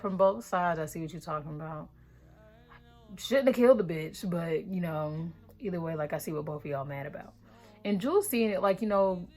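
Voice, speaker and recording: A young woman casually recapping a book for her vlog, chatty and blunt, with a lot of cursing. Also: lowish voice. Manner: chatty, profane, animated retelling. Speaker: book reaction vlogger.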